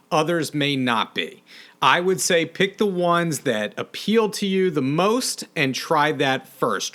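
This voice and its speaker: A man's voice: fairly high pitch, fairly bright tone. A man hosting a podcast, closing the episode in an encouraging, reassuring way. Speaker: podcast host. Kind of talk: podcast outro.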